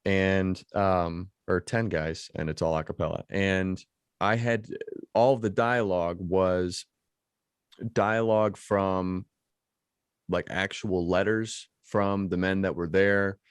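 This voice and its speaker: Man hosting a podcast, halting questions. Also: deep voice, fairly even intonation, clear, resonant tone, no room sound, clean studio sound. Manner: rambling, halting questions with many restarts. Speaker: podcast host. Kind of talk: casual interview chat.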